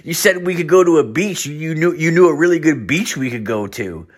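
A man voicing an eager male photographer buddy who rambles excitedly with lots of fillers. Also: fairly high pitch, brisk, voice pushed up.

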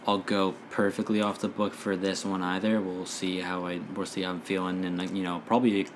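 A man who runs a tabletop game, talking in a relaxed, rambling way with lots of fillers. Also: low-pitched, fairly quick, noisy background. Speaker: dungeon master. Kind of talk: casual podcast chat.

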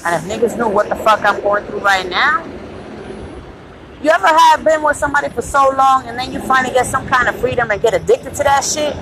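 Brief: woman, bit high-voiced, raw and profane, candid rant with faint road noise behind. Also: brisk. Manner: blunt, profane, laughs loudly. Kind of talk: casual profane monologue.

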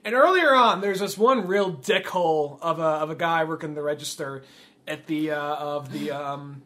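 Brief: male podcast co-host, high bright voice, rambling scene retelling. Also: moderate pace. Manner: rambling, retelling film scenes with quoted lines. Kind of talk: casual chat.

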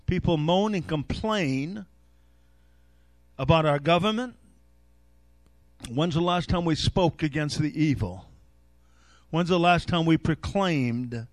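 Lively high-voiced male preacher. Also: no echo. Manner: animated preaching, rising to shouts. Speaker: pastor. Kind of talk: sermon.

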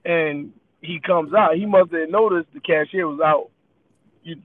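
A podcast co-host, a man with a slightly high voice, takes his time telling a rambling story in casual chat, laughing often. The line sounds tinny, like a phone.

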